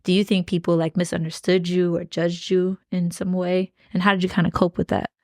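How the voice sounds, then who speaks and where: A woman hosts a podcast conversation, supportive and encouraging, asking long questions that wander before they land. Her voice sits a little low for a woman. The recording is dry and close. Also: monotone, fairly quick, a little mellow, no room sound. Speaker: podcast host. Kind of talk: casual interview conversation.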